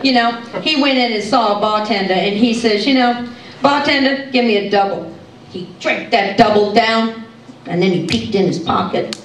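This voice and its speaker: On stage in a hall, a tribute comedian plays a folksy, giggly country comedienne, telling jokes in a live stand-up monologue with chatty, gossipy storytelling. Her voice is high and bubbly, broken by frequent giggles. The mic is far off and the hall sounds echoey.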